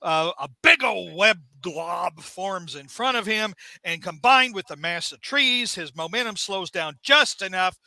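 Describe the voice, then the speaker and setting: A man hosting a casual comic book review show, jokey and animated, acting out scenes as he recaps. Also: high voice, unhurried, vocal fry, hardly any pauses, no echo. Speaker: podcast host.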